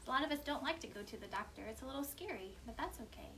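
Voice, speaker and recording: High-voiced lady reading a kids' book out loud, all bouncy and sing-song. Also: fast, a little hiss or hum. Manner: animated, sing-song storytime delivery. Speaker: children's librarian. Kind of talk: reading a picture book aloud to children. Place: library storytime recorded at home or library.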